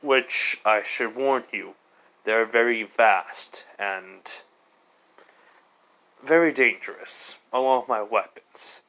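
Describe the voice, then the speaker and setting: A man's voice: mid-range voice, slow, pushed and bright. A man voicing a stern, weary male warrior god who speaks in a formal, clipped way while telling a fan story. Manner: formal, clipped, calls the boy "boy". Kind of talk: fan story narration with voiced characters.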